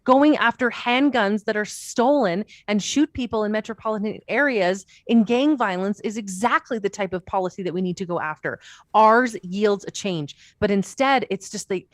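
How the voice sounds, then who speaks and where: A woman's voice: mid-range voice, moderate pace, dry recording, clean studio sound. A woman, speaking as a political commentator on a panel in an impassioned, emphatic way full of rhetorical questions. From Canada. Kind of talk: panel discussion.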